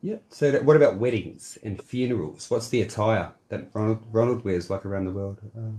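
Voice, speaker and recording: A man's voice: lowish voice, a little fast, warm tone. Emphatic, lecturing man from Polynesia. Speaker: chat partner. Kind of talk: casual heated chat.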